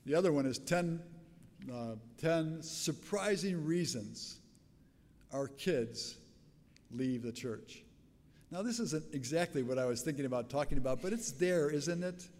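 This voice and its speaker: Raspy older man preaching in a hall. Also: a little high, expressive, unhurried, a little mellow. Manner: conversational storytelling with repeated restarts. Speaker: pastor. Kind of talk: sermon.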